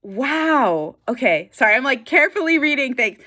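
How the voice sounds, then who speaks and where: A woman's voice: high voice, very animated, normal speed, bright, forceful tone. A woman vlogger chatting casually to camera, giggly and emotional, tearful at times, with lots of fillers.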